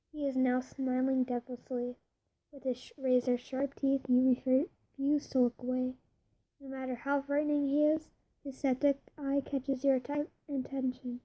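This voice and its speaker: A woman narrating second-person fan fiction, reading slowly, with stumbles and self-corrections. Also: high-pitched, level tone, warm tone, low-quality recording. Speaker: reader.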